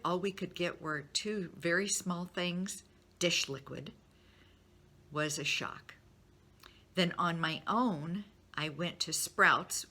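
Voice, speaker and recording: A woman's voice: low-pitched, bright, forceful tone. A middle-aged woman speaking to her business network in a candid, encouraging way, openly sharing her feelings. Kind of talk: personal talk to a business network.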